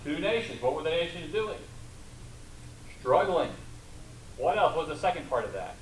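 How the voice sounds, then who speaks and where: A man's voice: a little high, very animated, moderate pace, far from the mic, a little hiss or hum, rough recording. A man teaching a sermon in a conversational way, asking the congregation questions and retelling scripture. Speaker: pastor.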